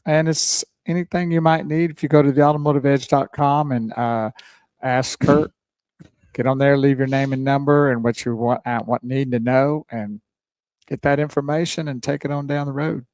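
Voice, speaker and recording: A man's voice: mid-range voice, fairly even intonation, moderate pace, a little mellow, smooth, dry recording. A man hosting a car radio show, talking in an easygoing, folksy way, thanking listeners and chatting with his co-host. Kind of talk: casual radio chat.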